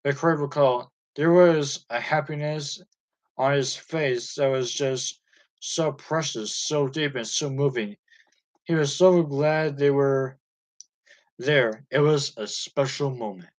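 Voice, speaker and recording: A man reading a music biography aloud chapter by chapter, in a steady and even manner. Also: medium pitch, takes it slowly, poor audio. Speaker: audiobook reader.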